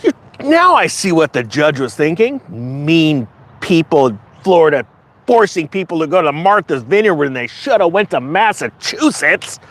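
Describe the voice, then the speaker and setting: A man's voice: on the high side, big pitch swings, normal speed, a bit bright. A man hosting a sarcastic news commentary, often acting out mocking voices. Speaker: commentary channel host.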